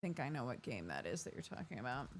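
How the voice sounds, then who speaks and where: A woman's voice: rumbling low, big pitch swings, fast talker. A young adult woman streaming, chatting casually, reading chat and thanking subscribers, a bit tired and yawning.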